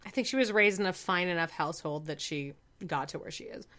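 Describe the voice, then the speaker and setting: A woman's voice: on the low side, fairly quick, pushed and bright. A young woman co-hosting a podcast, chatting bluntly and laughing often. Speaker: podcast co-host. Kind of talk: casual chat.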